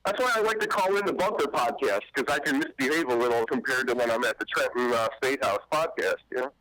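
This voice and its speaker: A man's voice: medium pitch, fast, bright, forceful tone, no echo, low-quality recording. A man calls in to a loose talk show and rambles along in a casual, joking way. He pokes fun at himself as he goes, and his tone stays friendly and easy. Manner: joking, rambling, self-mocking. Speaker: caller and cannabis activist. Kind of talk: casual call-in chat.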